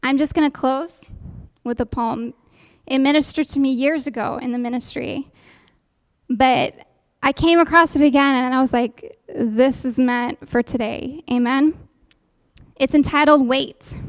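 A woman's voice: high voice, fairly even intonation, a little slow, dry recording. A woman giving an earnest sermon-style testimony to a congregation, calling out for amens. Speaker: church speaker giving a testimony. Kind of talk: sermon with a recited poem.

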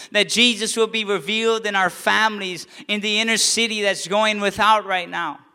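A man preaching a sermon as a pastor, passionate and rising to near-shouts on key lines. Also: high voice, smooth, long reverb tail.

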